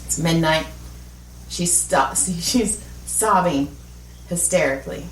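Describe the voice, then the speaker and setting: A woman's voice: sits low, takes it slowly. A middle-aged woman co-hosting a podcast, telling a comic story with lots of laughter and swearing. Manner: animated, laughing storyteller who swears freely. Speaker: podcast co-host. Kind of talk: casual comedic storytelling. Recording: echoey room, mic at a distance, faint noise.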